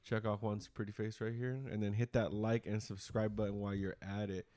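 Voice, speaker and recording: A man's voice: on the low side, level tone, fairly quick, dark tone. A man hosting a podcast in casual chat, telling stories animatedly, acting out quotes and swearing freely. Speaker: podcast host.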